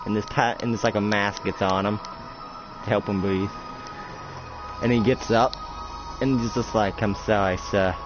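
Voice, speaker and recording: A man's voice: fairly low pitch, steady tone, unhurried, long pauses. A man narrating an improvised roleplay in a rambling, casual way. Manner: rambling, many fillers and restarts. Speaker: game master narrating a roleplay. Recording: dull lo-fi mic with music behind.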